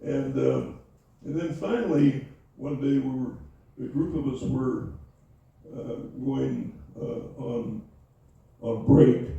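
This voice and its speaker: Older man, oral history interviewee: dark, gravelly voice, halting speech with many restarts, recorded from a distance. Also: mid-range voice, highs cut off. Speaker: interviewee, Navy veteran. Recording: echoey room, voice from far off.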